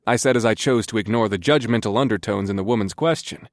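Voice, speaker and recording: A man narrating a story in the first person in a relaxed, conversational way. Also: on the low side, fast talker, dry recording, studio quality. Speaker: audiobook narrator.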